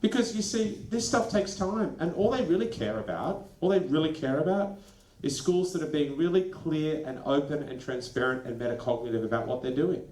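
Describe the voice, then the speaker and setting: A man with a fairly high voice gives a lively workshop talk and keeps slipping into quick acted-out bits of dialogue. The sound is roomy, with the echo of a large space around him. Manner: animated, acts out quick dialogue snippets. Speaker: education consultant presenting a workshop. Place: training venue. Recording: echoey room.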